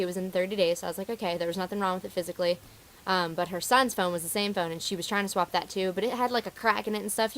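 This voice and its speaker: A woman's voice: medium pitch, slight background noise. A young woman who works retail, telling stories about rude customers in a casual vlog and acting out their voices. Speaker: retail phone store worker.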